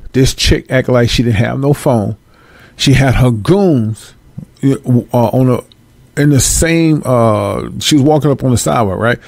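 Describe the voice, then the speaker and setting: A man's voice: medium pitch, vocal fry, a little mellow, no echo. A man delivering a blunt, profane opinion rant to his viewers, emphatic and streetwise. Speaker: vlogger.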